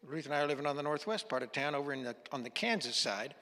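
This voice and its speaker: A man's voice: fairly high pitch, animated, quick pace, sharp tone. A man preaching as a guest pastor, telling a story in a folksy way and acting out the dialogue. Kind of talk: sermon storytelling. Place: church sanctuary. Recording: long hall reverb.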